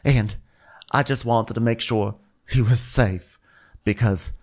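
A man's voice: fairly high pitch, very animated, moderate pace, a bit bright, pitched above the performer's own voice. A man doing a mocking impression of a defensive woman celebrity, faltering and melodramatic. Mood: mock sorrow.

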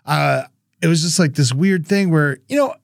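A man's voice: a little high, normal speed, gravelly, no echo, studio quality. A man co-hosting a podcast, telling a story in a rambling casual way with many restarts. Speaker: podcast co-host. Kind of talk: casual chat.

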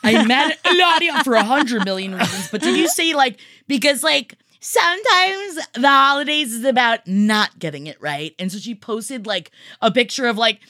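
A woman co-hosting a podcast, chatting with animated, mocking energy and plenty of swearing. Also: fairly high pitch, moderate pace, hardly any pauses. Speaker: podcast co-host. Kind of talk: casual gossip chat.

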